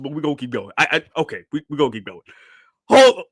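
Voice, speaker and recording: A man reacting to a comic chapter on stream, excited and slangy, often bursting into disbelief. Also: mid-range voice, fast. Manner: animated, slangy, keeps shouting and laughing in disbelief.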